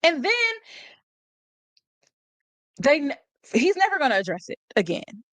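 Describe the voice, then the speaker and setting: A woman's voice: sits high, very animated, fairly quick, fairly bright tone, dry recording. A woman hosting a live stream, talking about a court case in a casual, sarcastic way, laughing often and reading out chat comments. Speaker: livestream host.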